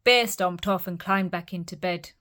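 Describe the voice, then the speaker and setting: A woman reading a picture book aloud for children's storytime, gentle and expressive. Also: fairly low pitch, normal speed.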